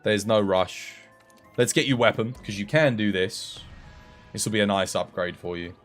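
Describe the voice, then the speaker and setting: A British man streaming a game, chatting in a relaxed way with his viewers while tired and dry in the throat. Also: fairly low pitch, normal speed, soft background music. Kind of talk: live game stream commentary.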